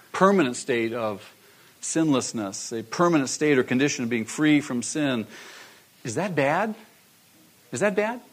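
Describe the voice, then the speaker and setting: A man preaching a sermon, repeating his key phrases and asking the congregation rhetorical questions. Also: medium pitch. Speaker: pastor.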